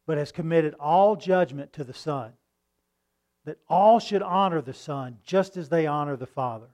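A man with a voice on the high side preaches conversationally, posing rhetorical questions and reading scripture slowly.

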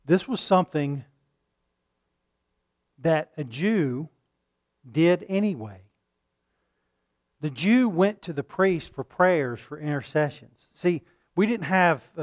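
A man preaching a sermon, asking his listeners questions and acting out loud pleas now and then. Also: medium pitch. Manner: shifts between calm teaching and loud acted-out pleading; rhetorical questions to the congregation.

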